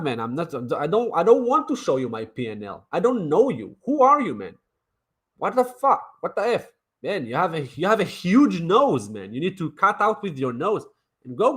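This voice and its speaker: Brash guy ranting about crypto on a stream, slightly high pitched, keeps repeating stuff. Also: a bit bright, husky. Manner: brash, mocking, swears, lots of repetition. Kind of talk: casual livestream commentary.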